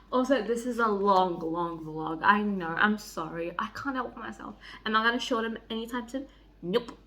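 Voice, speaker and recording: A young woman chatting excitedly in a book vlog, gushing, giddy and swearing freely. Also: a little high. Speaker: book vlogger. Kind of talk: excited reading vlog chat.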